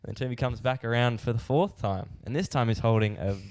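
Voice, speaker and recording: A man's voice: medium pitch, quick pace, clear, resonant tone. A nineteen-year-old Australian man co-hosting a podcast, telling a story with lots of laughter. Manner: animated storyteller who laughs through his anecdotes. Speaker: podcast co-host. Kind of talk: casual chat.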